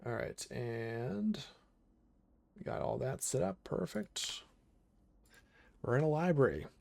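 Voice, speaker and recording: A gravelly, medium-pitched male voice speaks at a measured pace during a casual game stream. He chats easily with his viewers, talking to them while choosing options.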